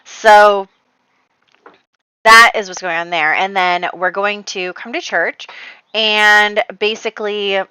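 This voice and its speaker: A woman talks through her Sims family's drama in a casual, chatty recap, peppering it with "like" and quick quoted lines. Her voice is bright and forward. The sound is dry and close. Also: medium pitch, steady tone, clean tone, no echo, poor audio. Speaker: Sims gameplay narrator.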